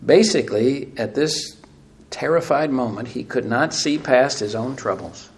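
A man preaching a sermon, asking emphatic rhetorical questions and swinging between loud and hushed delivery. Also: mid-range voice, lively intonation, a little slow. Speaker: pastor.

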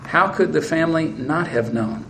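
A man's voice: fairly high pitch, lively intonation, normal speed, gravelly, a bit bright, slight background noise, low-quality recording. A man preaching a sermon, earnestly reading scripture aloud and addressing the congregation as brethren. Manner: earnest, reads scripture aloud with rising intensity.

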